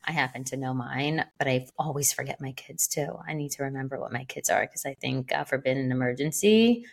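A woman's voice: extremely low pitch, fairly quick, gravelly. A woman co-hosting a podcast in casual chat, rambling along with lots of "like" and "you know.". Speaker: podcast co-host.

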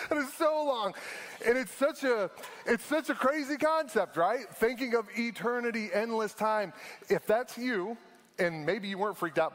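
A young adult man preaching a sermon as a pastor, animated and conversational, laughing often. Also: high-pitched. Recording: long hall reverb.

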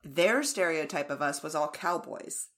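A woman's voice: low-pitched, lively intonation, unhurried, fairly bright tone. An American woman co-hosting a podcast in casual chat, speaking frankly and with plenty of opinion. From United States. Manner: frank, opinionated, laughs easily. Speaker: podcast co-host.

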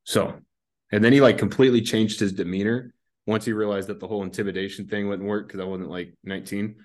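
A man's voice: on the low side, steady tone, a little fast. A man from the United States, a podcast guest and army veteran, telling a rambling, laid-back story and laughing along as he goes. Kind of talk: casual anecdotal storytelling.

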